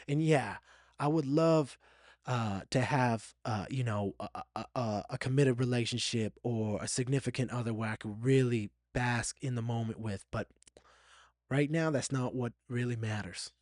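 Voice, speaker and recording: A man's voice: medium pitch, moderate pace, a little mellow, no room sound, clean studio sound. A man hosting a solo podcast, talking in a candid and reflective way, sometimes getting emotional and repeating himself. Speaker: podcast host.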